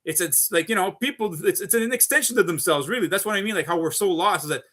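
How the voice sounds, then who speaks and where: A man's voice: sits high, fast talker, sharp tone. A man on a live stream, delivering an unscripted, rambling rant full of swearing, who keeps repeating himself and calling his viewers folks. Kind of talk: unscripted ranting monologue.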